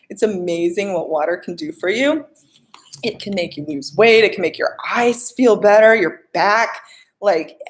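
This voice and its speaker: A young life coach speaks casually to her live-stream audience, reading their questions aloud and responding in a relaxed, talkative manner full of fillers. Her pitch sits in the middle range for a woman.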